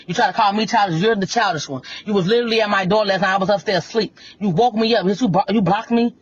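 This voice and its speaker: A woman's voice: mid-range voice, quick pace, slightly rough, muffled recording. A woman venting on a livestream, blunt and confrontational, repeating her points again and again. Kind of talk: heated livestream rant.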